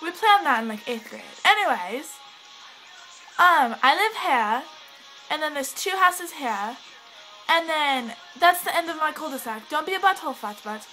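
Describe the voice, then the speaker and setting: A teenage girl rambles through a casual vlog in a put-on British accent and keeps losing her thread. Her voice sits high, bright and sharp, and swoops widely as she talks. Pop music plays faintly behind her. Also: lively intonation, unhurried, low-quality recording. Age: teens. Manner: rambling, giggly, easily sidetracked. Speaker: vlogger.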